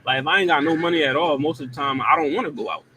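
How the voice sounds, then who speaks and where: Chill rambling guy, talks fast, tons of crowd noise behind him. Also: a little high. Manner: laid-back, rambling, fillers. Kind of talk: casual group chat.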